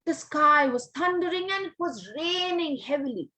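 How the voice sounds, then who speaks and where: A woman telling a story to young children on a video call, animated and coaxing, asking them questions as she goes. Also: sits high, normal speed. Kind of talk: online storytelling workshop.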